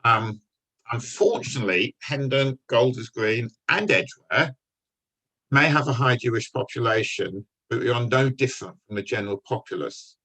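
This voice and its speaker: An older man, a guest speaker telling wry, deadpan stories from his police career to an audience. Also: mid-range voice, normal speed, rough recording. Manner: dry, wry storytelling with deadpan punchlines. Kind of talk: anecdotal talk to an audience.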